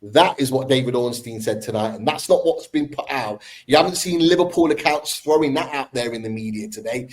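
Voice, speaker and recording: A man's voice: medium pitch, fairly quick, few pauses, low-quality recording. Give me a fired-up man in a fan debate, ranting and repeating himself for emphasis. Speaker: football podcast host.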